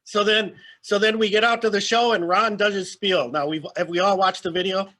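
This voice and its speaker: A man's voice: high-pitched, steady tone, a little fast, bright, forceful tone. A man hosting a casual panel talk, retelling stories and prompting his guest. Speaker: host.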